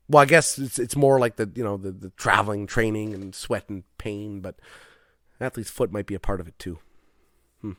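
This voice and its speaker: A man's voice: lowish voice, steady tone, normal speed, a bit bright, dry recording, clean studio sound. A man hosting a solo comedy podcast from his garage, rambling, self-deprecating and swearing often. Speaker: podcast host. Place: home garage.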